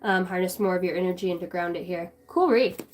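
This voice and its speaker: A woman's voice: lowish voice, monotone, fast talker. A woman giving a collective tarot reading on a livestream, talking in a loose, meandering way with casual swearing and many fillers. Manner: casual, meandering, swears freely, talks to chat. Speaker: tarot reader streaming live.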